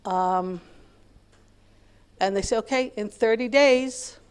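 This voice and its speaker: Slowly and smoothly, a middle-aged American woman with a slightly high voice lectures to a Torah class. She recounts a long family story, circling back repeatedly and sprinkling in Hebrew terms.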